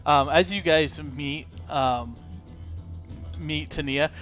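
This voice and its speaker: A man narrating a tabletop game as game master, in a relaxed, halting way with fillers. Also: on the high side, faint music behind.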